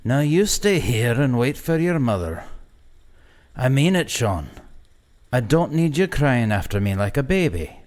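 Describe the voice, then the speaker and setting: A man voicing a frail, stubborn old grandfather who speaks slowly and gruffly in an audio story. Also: lowish voice, very animated.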